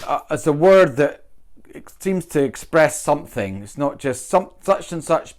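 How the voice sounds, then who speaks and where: Man from Britain, English pronunciation teacher, fairly high voice, explains stress while thinking aloud, repeats sample sentences. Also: lively intonation, unhurried, a little mellow. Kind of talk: explanatory lesson.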